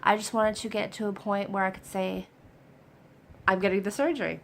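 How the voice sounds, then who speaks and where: Young adult woman vlogger, chatty and excited, slightly cold-affected, average pitch, light noise behind. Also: normal speed, gravelly. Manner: excited, chatty, lots of fillers. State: getting over a cold. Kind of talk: casual personal update.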